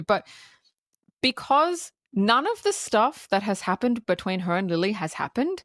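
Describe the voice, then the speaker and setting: A woman co-hosting a podcast in casual film-review chat, retelling scenes in an animated way with frequent laughs and swearing. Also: medium pitch, unhurried, no echo, clean studio sound. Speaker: podcast co-host.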